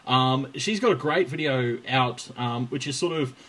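A man's voice: mid-range voice, normal speed, poor audio. A man co-hosting a podcast, chatting casually, laughing often and acting out quotes as he tells stories. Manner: laughing, animated storyteller who acts out quotes. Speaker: podcast co-host. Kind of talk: casual chat.

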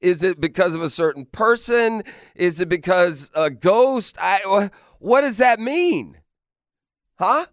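A man's voice: sits high, animated, unhurried, fairly bright tone, no room sound, clean studio sound. A man hosting sports radio in a casual, playful way, laughing often and firing off rhetorical questions. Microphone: studio microphone.

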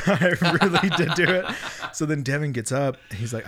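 A man's voice: a little high, normal speed. A man co-hosting a casual podcast, telling a story with lots of laughter and acted-out quotes. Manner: animated, laughing, acts out quotes. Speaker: podcast co-host.

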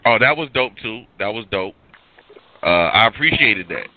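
A man co-hosting a casual chat about battle rap, slangy and halting, stumbling over his words. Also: lowish voice, expressive, dry recording. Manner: slangy, halting, full of fillers and restarts. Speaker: podcast co-host. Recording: tinny phone-like line with faint hiss.

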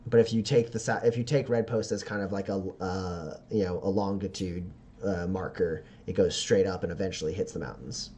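A man's voice: low-pitched, fairly even intonation, brisk, mellow, slight background noise. A man narrating as game master of a tabletop game, casual and often laughing.

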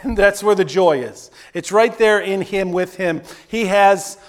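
A man preaching a sermon, energetic and conversational, tossing in quick asides and dropping soft on quoted prayers. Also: high-pitched. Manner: conversational asides with repeated "right?". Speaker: pastor.

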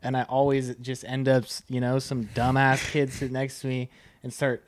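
A man's voice: medium pitch, completely flat delivery, moderate pace, no echo. Young man, college student, opinionated rant, swears a lot, dry close sound. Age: young adult. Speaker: podcast co-host, college student. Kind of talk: casual chat.

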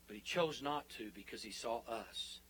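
A man preaching a sermon as pastor, building to fervent declarations and dropping into soft, hushed prayer. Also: mid-range voice, normal speed, slight background noise, rough recording.

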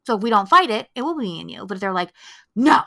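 Female podcast co-host, bright tone, animated casual chat, salty language. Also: medium pitch, rapid-fire, gravelly. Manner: animated, swears freely, acts out quotes.

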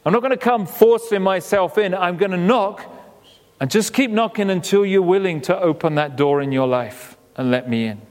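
Man preaching in a reverberant hall. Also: moderate pace. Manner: conversational, acts out quoted voices, drops low and quiet for emphasis. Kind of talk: sermon.

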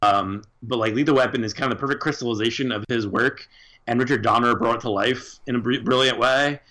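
A man's voice: mid-range voice, quick pace, sharp tone. A man co-hosting a casual chat, talking enthusiastically and swearing freely. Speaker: podcast co-host.

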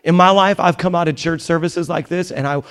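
A man's voice: on the high side, steady tone, brisk, a bit bright. A man pastor preaching a sermon in a church, emphatic and conversational with joking asides. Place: church in New York.

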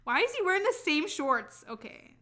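A young woman co-hosting a podcast, chatting casually with a skeptical, laughing manner and quick reactions. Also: high voice, very animated, sharp tone. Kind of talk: casual chat.

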